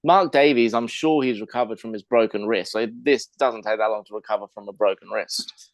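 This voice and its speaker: A man's voice: on the low side, a little fast, dry recording. Chatty English man, dry close mic. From England. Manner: chatty, explains at length with fillers and restarts. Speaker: podcast co-host. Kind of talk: casual wrestling chat.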